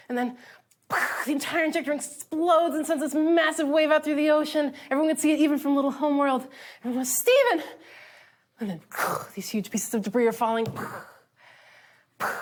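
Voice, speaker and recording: Woman storyboard pitcher, lively, acts out scenes, a bit high-voiced. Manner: acting out scenes, quick, playful.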